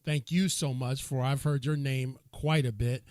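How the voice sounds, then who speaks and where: A man's voice: mid-range voice, fairly even intonation, a little slow, a little mellow, dry recording. A man hosting an online summit. He introduces the guest and leads the audience in a call-and-response, in a deferential, upbeat way. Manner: deferential, upbeat, says yes sir. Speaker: summit host.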